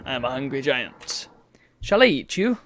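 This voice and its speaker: A streamer voicing a hungry giant in a low, half-whispered read-aloud. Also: sing-song, moderate pace, dry recording. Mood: teasing. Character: hungry giant who jokes about eating people.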